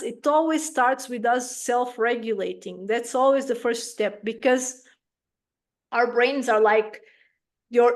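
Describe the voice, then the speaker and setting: A woman giving an interview as a parenting coach, explaining calmly and acting out parents' voices in little quotes. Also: a little high.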